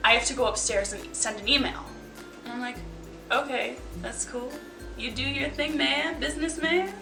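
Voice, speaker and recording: A woman's voice: high-pitched, moderate pace, gravelly, over music. A young woman casually telling stories to the camera, chatty and wry, with sarcastic asides and lots of likes. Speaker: vlogger. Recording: echoey room, mic at a distance.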